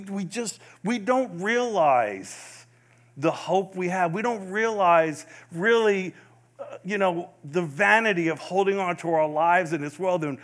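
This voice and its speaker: A man telling an earnest testimony story, repeating phrases and dropping soft for emphasis. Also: fairly high pitch.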